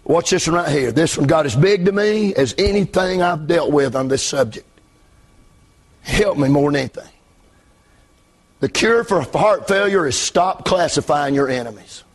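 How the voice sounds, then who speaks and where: A man pastor preaching a revival sermon from the pulpit, shouting in a chanting preaching cadence. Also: fairly high pitch, animated, moderate pace. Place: church pulpit.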